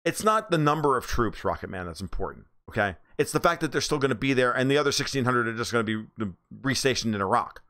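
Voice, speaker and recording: American guy ranting on a livestream, sarcastic and sweary, normal pitch. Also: lively intonation, quick pace, few pauses, a bit bright. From United States. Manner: blunt, profane, sarcastic; mocks others in high squeaky voices. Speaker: livestream host reading chat. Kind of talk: casual political livestream commentary.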